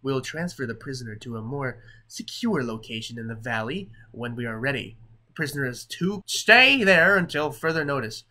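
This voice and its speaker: A man's voice: mid-range voice, animated, normal speed, pushed and bright. A man voicing a stern male village chief, reading out a game note of orders in a proclaiming, commanding way.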